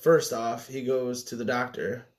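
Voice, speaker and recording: A man's voice: medium pitch, level tone, unhurried, a crowd in the background. A man co-hosting a casual podcast chat, talking in an easygoing way with frequent fillers. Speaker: podcast co-host.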